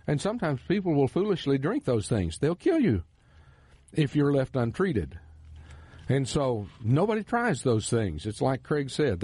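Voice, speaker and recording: A radio Bible teacher and host with a Texan drawl teaches scripture, preaching earnestly and emphatically. His warm, slightly husky voice swoops up and down in pitch, and the studio recording is close and dry.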